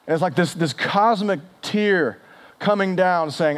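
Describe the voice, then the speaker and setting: A man preaching a sermon, animated and conversational, acting out quoted speech with big swings in pitch and volume. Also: measured pace. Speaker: pastor.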